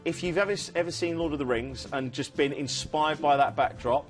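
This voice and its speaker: A man's voice: on the high side, fairly quick, soft background music. A man presenting a TV cruise sales show, chatting enthusiastically and rambling with fillers. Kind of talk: casual studio sales chat. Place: TV studio.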